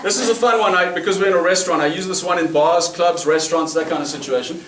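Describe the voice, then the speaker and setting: Performing card tricks in a restaurant, this South African-accented man speaks fast in a high, steady voice. The sound is roomy and very noisy, and he keeps chatting, laughing often, and questioning the audience.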